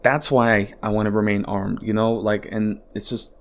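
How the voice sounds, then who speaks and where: A man's voice: on the low side, level tone, normal speed. A man hosting a podcast, talking alone in a rambling, exasperated way with lots of swearing and filler words, from his home. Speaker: podcast host. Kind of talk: casual solo podcast monologue.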